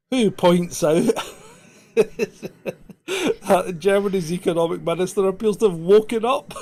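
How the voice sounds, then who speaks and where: A man's voice: high voice, a little mellow. A man from the UK co-hosting a casual live stream, exasperated and mocking, often laughing.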